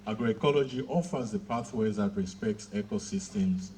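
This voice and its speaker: A man giving a formal graduation speech, measured and pausing often with fillers. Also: fairly low pitch, a little mellow, a little hiss or hum. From Southern Africa.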